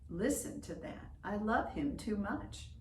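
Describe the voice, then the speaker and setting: Woman doing a soft old sky chief, gentle and fatherly, kinda echoey. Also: medium pitch, expressive, unhurried, slight background noise, lightly acted. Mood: tender. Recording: roomy echo, distant from mic.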